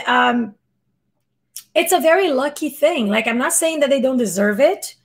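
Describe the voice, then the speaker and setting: This woman is a reaction streamer whose squeaky voice carries casual live commentary. Exasperated, she rambles along and frequently starts her sentences over.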